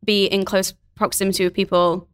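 A woman's voice: mid-range voice, level tone, a little fast, smooth. A woman from Manchester with a southern English accent, a chatty guest on a live podcast who laughs easily. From Manchester, England. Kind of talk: casual live podcast chat. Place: stage before a live audience.

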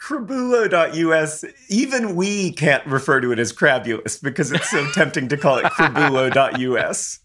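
A man's voice: fairly high pitch, expressive, normal speed, hardly any pauses, fairly bright tone, a little hiss or hum. A man co-hosting a podcast, joking and teasing with frequent laughter, also reading listener letters. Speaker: podcast co-host. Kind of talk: casual podcast chat.

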